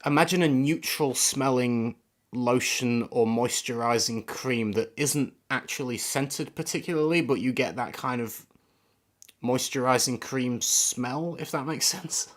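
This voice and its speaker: A man's voice: mid-range voice, a little slow. A man giving casual, rambling first impressions of fragrances on a live stream, often searching for words. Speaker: fragrance reviewer.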